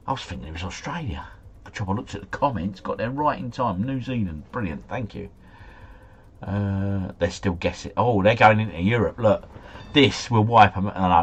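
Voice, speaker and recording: A man streaming a guessing game live, thinking aloud and chatting to viewers, his volume rising and falling with excitement. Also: lowish voice, husky, dull audio. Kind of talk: casual live commentary.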